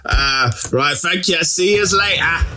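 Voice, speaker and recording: A man's voice: fairly high pitch, a little slow, a crowd in the background. A man co-hosting a podcast in casual chat over a video call, laid-back and laughing often. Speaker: podcast co-host. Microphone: remote video call.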